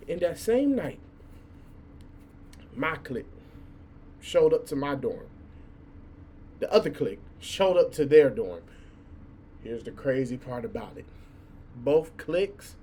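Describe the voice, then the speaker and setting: A young man in his twenties, a college student vlogger, telling a story in a casual, animated rant, swearing freely and stumbling over repeated words. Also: high-pitched, a little hiss or hum.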